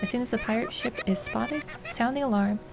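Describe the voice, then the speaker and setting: A woman's voice: a little high, huge pitch swings, a little fast, creaky, over music, full character voice. A woman reading a resolute village leader. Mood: rallying. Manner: rousing, commanding, reading game dialogue. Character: stern young male village leader rallying villagers. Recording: noisy home recording.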